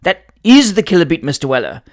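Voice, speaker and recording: A pompous, languid footman, as a man acts him out, full of affected sighs and airs of superiority. His voice sits fairly high, a put-on storybook turn. He sounds world-weary and condescending toward everyone. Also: big pitch swings, fairly quick.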